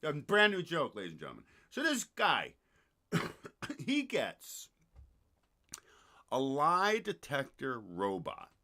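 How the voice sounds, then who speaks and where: A man's voice: medium pitch, wildly swooping pitch, takes it slowly, long pauses, bright, forceful tone. A man hosting his podcast, chatting loosely, telling a joke and swearing freely. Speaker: podcast host. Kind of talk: casual chat and joke telling.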